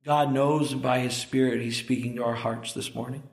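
A man's voice: medium pitch, steady tone, normal speed, vocal fry, echoey room. A man preaching a sermon to his congregation, earnestly asking them pointed questions and closing in prayer. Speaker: pastor. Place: church sanctuary.

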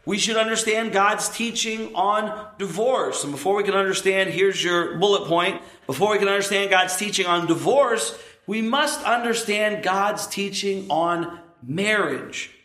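A man in his thirties preaches an earnest, emphatic sermon with asides to the congregation. His voice sits a little high for a man. The recording carries the echo of a church room. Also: unhurried, pushed and bright. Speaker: pastor.

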